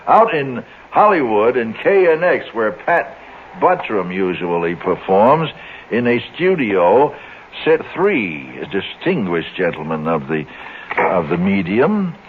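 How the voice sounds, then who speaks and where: A man's voice: on the low side, sing-song, slow. A man hosting a radio show in casual, chuckling banter with his guests. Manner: chuckling, easygoing. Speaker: radio host. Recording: tinny, hissy 1960s radio broadcast.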